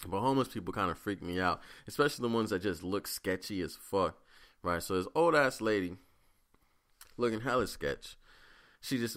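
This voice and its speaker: A man with a low voice hosts a casual solo podcast. He tells rambling, profane stories in an animated way. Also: moderate pace. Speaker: podcast host.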